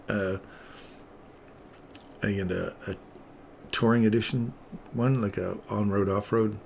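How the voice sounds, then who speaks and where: Middle-aged male trading host, fairly low voice, casual and digressive, light background hiss. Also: darkish tone. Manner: casual, rambling, easily sidetracked. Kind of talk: live trading commentary.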